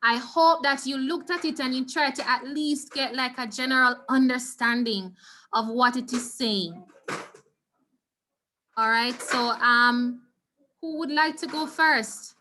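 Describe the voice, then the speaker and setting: A woman with a Jamaican accent teaching a Spanish class over a video call, encouraging her students and slowly repeating key words. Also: high-pitched, sharp tone, slight background noise.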